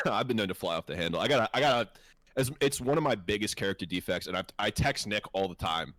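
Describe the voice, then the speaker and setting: A man's voice: lowish voice, lively intonation, fast, fairly bright tone, no echo. A man co-hosting a podcast, talking in a casual, heated way, swearing freely and laughing often. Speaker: podcast co-host. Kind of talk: casual profane chat.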